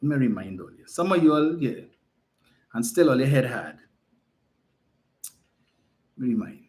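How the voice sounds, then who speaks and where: A man's voice: medium pitch, animated, moderate pace, a little mellow. A man giving an emphatic, mocking political campaign speech full of rhetorical questions.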